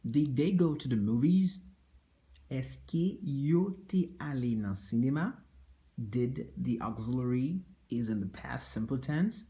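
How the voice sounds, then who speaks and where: Slow, mellow-voiced male language teacher. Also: mid-range voice. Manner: slow, repeats each phrase, asks "okay?" often. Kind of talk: language lesson.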